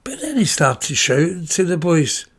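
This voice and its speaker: A man's voice: a little high, big pitch swings, a little slow, husky. A middle-aged man with a Glaswegian Scottish accent, telling personal stories on his podcast in a blunt, swearing way and acting out the dialogue. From Glasgow, Scotland. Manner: blunt, swears freely, acts out quoted dialogue. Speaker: podcast host. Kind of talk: personal anecdote storytelling.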